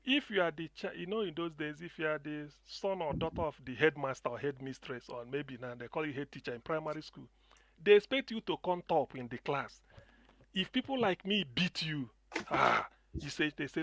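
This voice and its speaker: A man's voice: on the high side, a little fast, fairly bright tone, dry recording. A middle-aged Nigerian man calling in, speaking passionately with many restarts and repetitions. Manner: impassioned, repetitive, restarts often. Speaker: caller. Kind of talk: passionate call-in commentary.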